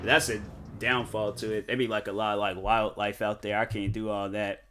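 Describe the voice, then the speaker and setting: With game music playing behind him, a man chats casually on a live stream, rambling with plenty of filler words and restarted sentences. His voice is fairly low and flat, at a normal speed.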